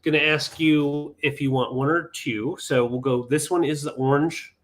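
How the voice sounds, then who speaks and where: A man's voice: on the high side, fairly even intonation, normal speed. A man hosting a live vintage sale stream, chatting casually with many ums and counting down bids.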